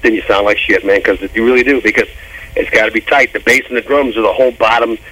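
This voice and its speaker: A man in his fifties, a rock bassist telling stories on a radio interview, loose and animated, swearing casually and drawing out "man.". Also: low-quality recording. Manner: animated storytelling, swearing, laughing, drawn-out "man". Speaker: guest musician.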